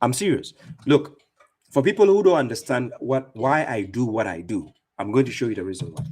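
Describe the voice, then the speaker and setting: A man's voice: medium pitch, animated, a little fast, a little mellow, slightly rough. A man giving fierce, mocking religious commentary as an Islamic debater and streamer, speaking with heavy emphasis.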